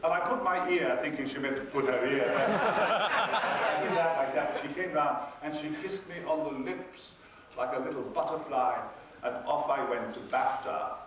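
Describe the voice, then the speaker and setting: A man telling a humorous anecdote as a convention panel guest, in a wry, theatrical storytelling manner. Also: mid-range voice. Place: large convention hall. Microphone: far from the mic. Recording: distant, very echoey hall with noise.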